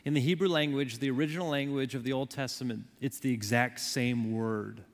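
A man in his thirties preaching a sermon as a pastor, with impassioned delivery that rises loud and falls soft. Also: mid-range voice, steady tone, fairly quick. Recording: long hall reverb.

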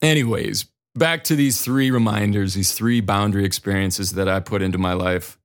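A man's voice: fairly low pitch, normal speed, clean tone. Man with a Dakota accent hosting a podcast. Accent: American, Dakota. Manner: self-deprecating, animated storytelling. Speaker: podcast host. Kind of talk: casual solo podcast talk.

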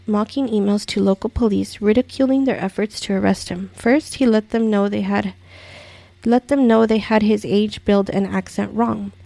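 Gravelly-voiced exasperated woman podcaster. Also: mid-range voice, warm tone, no echo. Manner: exasperated, rambling, many fillers and restarts. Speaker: podcast host. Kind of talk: casual commentary podcast.

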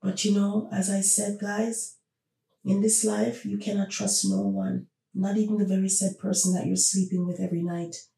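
Woman host, opinionated monologue, emphatic and repetitive; gravelly low-bright tone, recorded off-mic in a roomy space. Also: level tone, normal speed, distant mic. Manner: emphatic, repeats rhetorical questions. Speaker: podcast host.

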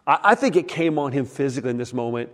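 A middle-aged man preaching a sermon in a folksy, animated way, acting out the quotes in his stories. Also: mid-range voice, fast talker. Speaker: pastor. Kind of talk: sermon with storytelling.

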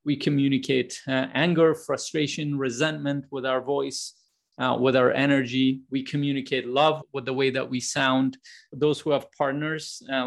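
A man's voice: medium pitch, creaky. A man in his thirties hosting a podcast, talking in a casual, rambling way with frequent restarts. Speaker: podcast host.

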